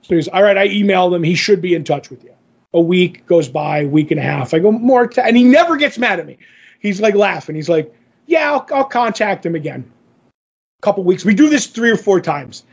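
Brief: husky, high-pitched male podcast co-host, animated storyteller, lo-fi audio. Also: quick pace. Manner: animated, acts out others' lines in the story. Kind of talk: casual storytelling chat.

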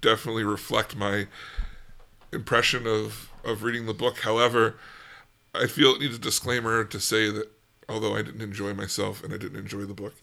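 A man's voice: fairly low pitch, little pitch movement, a little fast, gravelly, bright, forceful tone. A man co-hosting a casual book podcast, chatty and laughing often. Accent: American. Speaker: podcast co-host. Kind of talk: casual book-club chat.

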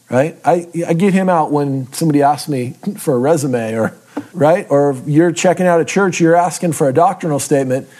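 In this conversational teaching talk, a Bible teacher speaks with a slightly high, warm voice. He keeps the lesson casual, jokes at his own expense, and checks in with his listeners through many tag questions.

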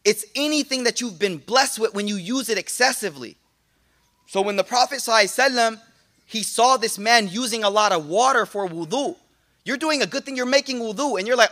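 A man gives an animated religious talk in a high, bright voice. He preaches in casual slang, restarting his sentences often and tossing in playful asides to the room. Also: fairly quick. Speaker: Islamic teacher. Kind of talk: lively religious talk to a congregation.

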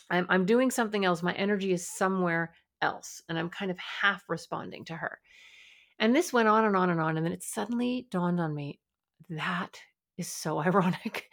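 Middle-aged woman, therapist-host of a parenting podcast, a bit low in pitch, chatty and animated. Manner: conversational, animated storytelling with light laughs. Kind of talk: solo podcast talk.

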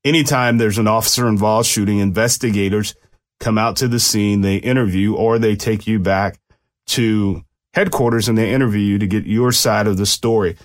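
A man's voice: lowish voice, steady tone, normal speed. A man who speaks as a police officer, explaining a police shooting case to viewers in a loose, conversational way with restarts. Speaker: commentator and former police officer. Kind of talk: casual commentary on a case.

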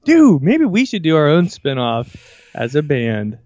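A man's voice: fairly high pitch, huge pitch swings, unhurried, a little mellow, no echo. A man co-hosting a podcast, bantering playfully in casual chat. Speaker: podcast co-host. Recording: dull lo-fi dry sound.

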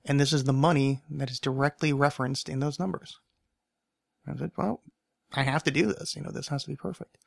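A man's voice: fairly high pitch, fairly even intonation, fairly quick, gravelly, no room sound. A man hosting a podcast alone, telling a rambling anecdote and often correcting himself as he goes. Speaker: podcast host. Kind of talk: casual solo storytelling.

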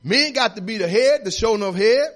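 Speaking briskly in a church sanctuary, this assistant pastor, a middle-aged man, gives a down-to-earth sermon full of personal anecdotes that rise into shouting. His high-pitched voice moves with lively intonation.

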